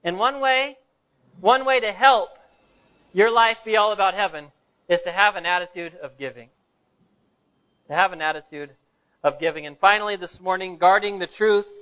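A male pastor delivering a sermon in a church. He tells stories and puts rhetorical questions to the congregation in a high, bright, smooth voice. The recording is dull and lo-fi. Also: moderate pace, pauses often.

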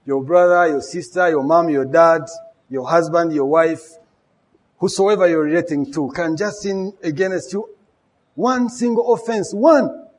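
A man's voice: on the high side, measured pace. A man preaching a sermon, emphatic, with rhetorical questions and repeated key words.

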